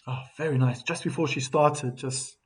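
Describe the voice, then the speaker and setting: A man's voice: medium pitch, normal speed. A man doing live tennis commentary on a stream, chatting and reading out viewer comments between points.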